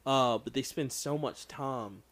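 A man's voice: medium pitch, a little slow, fairly bright tone, no room sound. A man co-hosting a podcast, riffing casually and profanely on a movie and asking questions. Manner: chatty, profane, riffs and asks questions. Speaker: podcast co-host. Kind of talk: casual movie review chat.

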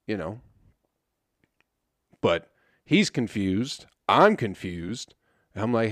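A man's voice: lowish voice, expressive, takes it slowly, long pauses, fairly bright tone, no echo, studio quality. A young man hosting a podcast, telling a story in a loose, casual monologue full of swearing. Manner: laid-back storytelling, swears often. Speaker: podcast host.

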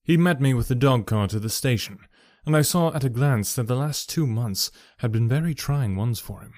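A man reading a story aloud in a measured, even narration. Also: mid-range voice, no room sound, studio quality. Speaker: audiobook narrator.

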